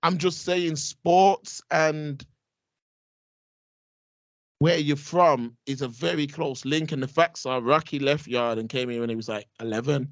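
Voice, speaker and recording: A man's voice: on the high side, measured pace, no room sound. Emphatic young English man, heavy. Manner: emphatic, repeats his points, street slang. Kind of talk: casual chat.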